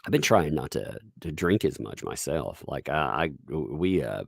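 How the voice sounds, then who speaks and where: A man's voice: a bass voice, sing-song, normal speed, gravelly, dry recording, clean studio sound. A man with a Southern US accent, chatting casually on a live stream, rambling with restarts and frequent chuckles as he reads viewer tips.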